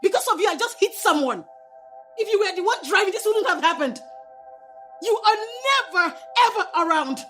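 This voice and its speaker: A woman's voice: very high-pitched, lively intonation, fairly quick, pushed and bright, soft background music, heavily acted. An actress with a Nigerian accent playing a young wife who is angry at her husband for neglecting her, heated and accusing. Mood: furious. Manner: heated, accusing, repeating herself. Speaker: actress in a film. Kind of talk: film drama acting.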